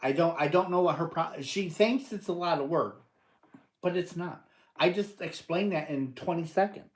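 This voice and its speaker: A man's voice: on the high side, normal speed. An older man hosting a casual live stream, answering viewers and teasing them playfully, often laughing. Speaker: livestream host.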